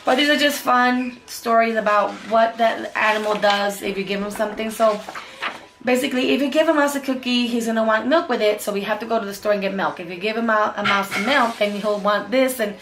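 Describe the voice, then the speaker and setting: A woman's voice: on the high side, a little fast, fairly bright tone, slight background noise. A woman vlogging as a homeschool mom, chatting casually and cheerfully about favorite picture books. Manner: chatty and upbeat, repeats "super cute". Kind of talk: casual book review vlog.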